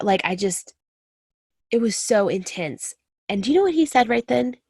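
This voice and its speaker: A woman's voice: medium pitch, moderate pace, gravelly, husky, no room sound, clean studio sound. A woman in her thirties, a military spouse, talking earnestly and confidingly about her own experience to listeners she calls friends. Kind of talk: personal talk to camera.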